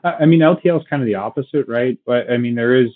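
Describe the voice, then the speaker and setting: A man's voice: mid-range voice, fast talker. A man talking casually as an interview guest, restarting his sentences often and tagging them with "right?". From Boston area. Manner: many restarts and "right?" tags, laughs often. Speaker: logistics company guest. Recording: tinny phone-like line.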